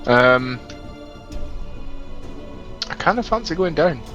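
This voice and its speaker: A relaxed, easygoing man in a gaming voice chat. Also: fairly high pitch, slow pace, highs cut off, faint music behind.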